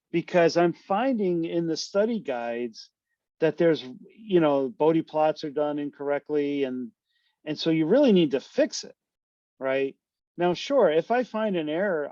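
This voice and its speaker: Male lecturer, slightly raised pitch, chatty and informal, leans on tag questions; dry, slightly dull lo-fi audio from a call mic. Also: a little mellow, no room sound. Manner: loose, conversational, full of tag questions. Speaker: university lecturer. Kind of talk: casual online class lecture.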